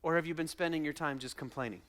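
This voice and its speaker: A man preaching a sermon as pastor, dramatic, acting out quotes and swinging from loud shouting to hushed asides. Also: a little high, fast.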